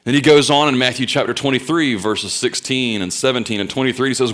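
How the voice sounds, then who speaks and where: A young man preaching a sermon, telling stories with loud bursts and quiet asides. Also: a little high, quick pace, few pauses. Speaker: pastor.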